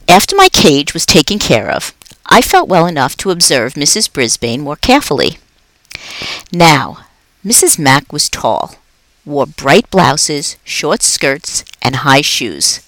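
A woman, a school reading specialist, reading a children's chapter book aloud with expressive storytelling and dramatic pauses. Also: sits low, no room sound, poor audio.

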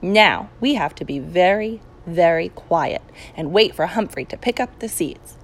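A woman's voice: fairly low pitch, lively intonation, measured pace. A woman reading the part of a harried middle-aged school principal and father in an audiobook, with a pleading, firm manner. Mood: hushed. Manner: pleading, then firm and hushed. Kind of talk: audiobook character voice.

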